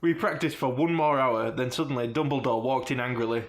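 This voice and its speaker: A man's voice: mid-range voice, brisk, background noise. A man co-hosting a podcast, reading a text aloud for comedy and often breaking into giggles. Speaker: podcast co-host.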